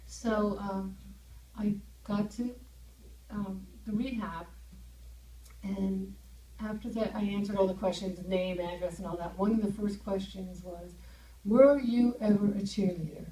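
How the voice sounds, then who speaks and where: A woman giving a lively talk to a group and asking them questions as she goes. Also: medium pitch, a little slow, long pauses. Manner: lively, asks the audience questions. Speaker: speaker leading a group session. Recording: echoey room, mic far off.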